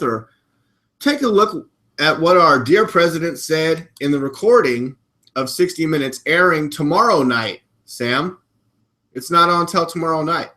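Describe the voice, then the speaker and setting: A man's voice: on the high side, sharp tone. A man hosting a casual live talk show, chatty and full of hesitations. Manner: chatty, hesitant with many fillers. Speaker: host.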